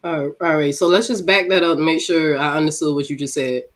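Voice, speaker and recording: A woman's voice: deep voice, steady tone, fast talker. A woman with a cold and a speech impediment, blunt and insistent in an online panel debate over a call mic. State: congested from a cold. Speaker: debate guest.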